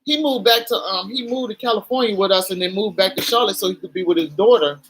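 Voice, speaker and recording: A woman's voice: mid-range voice, fast talker, a bit bright, slight background noise, low-quality recording. A middle-aged woman talking candidly to her camera in a chatty, emotional vlog, swearing casually as she goes. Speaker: vlogger.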